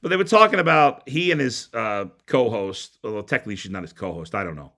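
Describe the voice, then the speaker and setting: Heated, animated sports talk man. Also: lowish voice, fast talker. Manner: blunt and heated, stumbling restarts. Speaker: sports talk show host. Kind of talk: opinionated sports radio rant.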